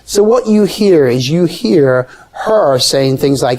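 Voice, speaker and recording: A man tells a story in a relaxed interview, his voice sitting at a mid pitch. He is animated and brings the people in his tale to life by jumping up in pitch when he quotes them. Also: normal speed, hardly any pauses. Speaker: guest storyteller. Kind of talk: conversational storytelling.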